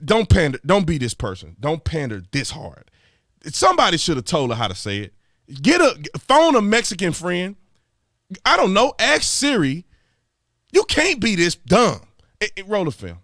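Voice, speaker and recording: Animated man ranting. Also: high voice, moderate pace, no echo, studio quality. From Texas. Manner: animated, exasperated, repeats himself. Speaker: commentary host. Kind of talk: political commentary rant.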